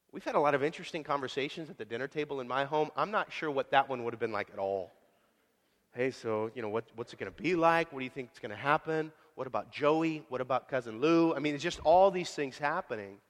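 A man preaching a sermon in a casual, folksy way, telling the story with sudden loud swells and quiet drops. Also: a little high. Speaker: pastor. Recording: long hall reverb.

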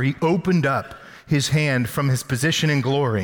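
A man preaching a sermon in a church, speaking in a conversational, teasing way with plenty of restarts and repeated words. His voice sits at a middle pitch. A long reverb trails behind him, as from a large sanctuary. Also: normal speed. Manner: conversational, teasing with everyday examples. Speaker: pastor.

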